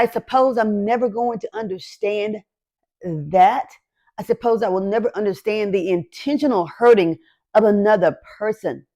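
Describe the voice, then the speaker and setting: Woman host on the verge of crying, slow and mellow, talking from the heart to her listeners. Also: mid-range voice. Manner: slow, emotional, encouraging. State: close to tears. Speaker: podcast host. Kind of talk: heartfelt motivational talk.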